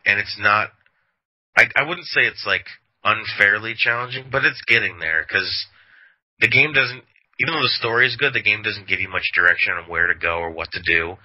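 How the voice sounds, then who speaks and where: A man's voice: on the low side, bright, forceful tone. A man co-hosting a podcast, chatting casually and rambling, laughing often. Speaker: podcast co-host. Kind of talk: casual chat. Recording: dull lo-fi audio.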